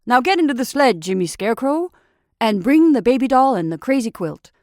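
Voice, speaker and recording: A woman voicing Santa Claus as a brisk, hearty old man in a storybook reading. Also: on the high side, sing-song, no echo, clean studio sound, pitched above the performer's own voice. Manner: loud, hearty, hurried.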